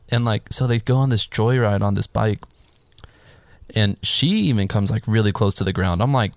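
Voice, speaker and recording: Casual male co-host, lowish pitch, dry close sound, animated and profane storyteller. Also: moderate pace, no echo. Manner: animated storytelling, swears freely, acts out his own reactions. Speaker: podcast co-host recapping a film. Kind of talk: casual chat.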